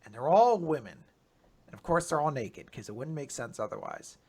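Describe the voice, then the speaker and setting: A man hosting a podcast, recapping comics in casual chat with animated storytelling. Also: medium pitch, normal speed, husky. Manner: animated storytelling with silly voices and laughs. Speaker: podcast host.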